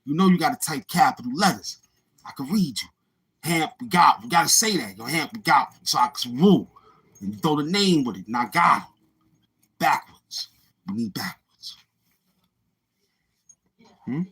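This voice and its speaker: A middle-aged Brooklyn man hosts a livestream, reading chat and answering viewers in streetwise slang, often repeating himself. His voice sits fairly high and sounds animated, a little fast, fairly bright, and slightly rough. He's from Brooklyn, New York, and speaks with its accent.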